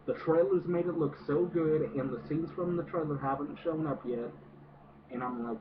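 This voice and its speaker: A man's voice: on the high side, moderate pace. A man giving a casual, profane movie rant, hesitant and full of fillers. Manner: hesitant, many fillers, swears a lot. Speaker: movie reviewer. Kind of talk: casual ranting film review. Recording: distant noisy phone-like audio.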